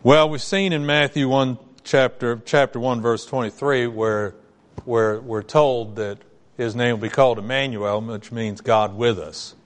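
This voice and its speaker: A man's voice: medium pitch, fairly even intonation, measured pace, big-room sound. A male pastor delivering a sermon in a conversational way, asking his congregation rhetorical questions.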